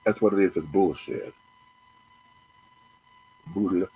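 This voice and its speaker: A man's voice: low-pitched, steady tone, a little slow, pauses often, husky, no echo, low-quality recording. A man hosting a show, ranting angrily with profanity and repeating himself. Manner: angry, profane, repetitive rant. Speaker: host. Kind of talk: ranting commentary.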